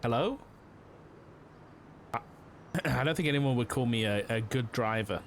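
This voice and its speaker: At a medium pitch and an unhurried pace, a young man rambles casually while streaming a police roleplay game. His talk is heavy with fillers and frequent "like," and a little hiss or hum runs through the audio.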